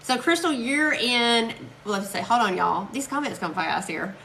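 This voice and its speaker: A woman's voice: a little high, animated, moderate pace, creaky, bright, forceful tone, a little hiss or hum. A woman from Alabama with a Southern accent, chatting casually with viewers while she crafts on a live stream, laughing often and reading out their comments. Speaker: crafting livestream host.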